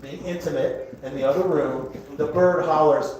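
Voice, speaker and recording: A Southern man performs a rambling stand-up set and keeps chuckling at his own jokes. His voice sits fairly high for a man. The sound is very echoey and a bit distant, with a live crowd audible in the club. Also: fairly even intonation, normal speed, hardly any pauses. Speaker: stand-up comedian. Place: comedy club, indoors.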